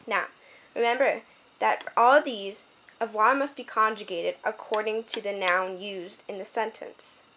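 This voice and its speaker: A young woman records her own tutoring lesson at home and talks straight to the camera. Her pitch sits in the middle range, and she explains each point clearly, pausing now and then to sort out the camera. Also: fairly even intonation, sharp tone, a little hiss or hum. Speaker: French tutor. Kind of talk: homemade video lesson.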